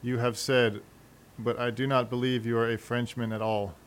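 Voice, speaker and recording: A man voicing a precise, cold gentleman of forty. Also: medium pitch, flat delivery, moderate pace, natural voice. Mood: stiff, exacting. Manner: clipped and exacting.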